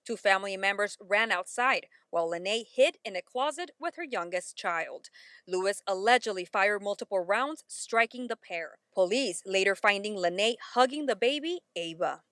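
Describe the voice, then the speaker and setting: Measured woman news reporter. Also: mid-range voice, expressive, fairly bright tone, clear, resonant tone, dry recording, clean studio sound. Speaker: field reporter.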